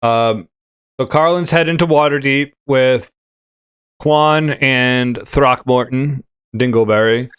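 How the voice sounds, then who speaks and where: A man's voice: mid-range voice, slow pace, a bit bright, clear, resonant tone, dry recording. A man hosting a casual tabletop gaming podcast, rambling with many fillers and restarts. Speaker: podcast host. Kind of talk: casual chat.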